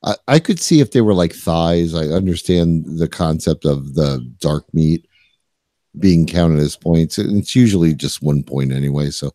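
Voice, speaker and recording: A man's voice: rumbling low, warm tone, dry recording. A man co-hosting a casual podcast chat, starting over often as he talks. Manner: halting, restarts often. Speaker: podcast co-host.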